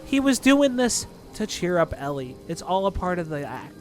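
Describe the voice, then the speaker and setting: A man's voice: high voice, big pitch swings, moderate pace, soft background music. Man voicing a knowing woman companion. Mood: explaining.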